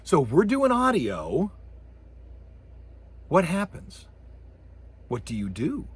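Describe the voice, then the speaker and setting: A middle-aged man gives a college lecture on film sound in an animated, jokey way, acting out effects and voices as he explains. His voice is a touch high and husky, and his pitch swings widely. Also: slow. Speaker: college communications professor. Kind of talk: recorded lecture.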